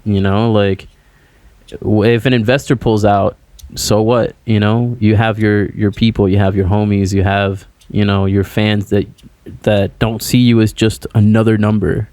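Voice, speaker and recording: Guy musician on a podcast call, kinda low voice, says like a ton, dry no room sound. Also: flat delivery, unhurried, darkish tone, no echo. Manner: rambling, heavy on "like" and "you know". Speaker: musician guest. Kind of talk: casual podcast chat. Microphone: remote call.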